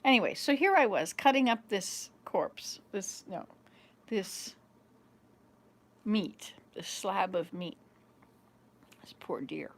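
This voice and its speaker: Her mid-range voice is sing-song and slow, with frequent pauses. As a vlog host in her fifties, she chats casually to a small camera, rambling through home stories and laughing often.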